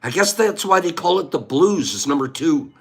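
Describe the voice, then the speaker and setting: Animated man hosting a live-stream giveaway. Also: a little high, moderate pace, creaky, husky. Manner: animated, singsong, calls out names loudly. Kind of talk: playful live-stream chat.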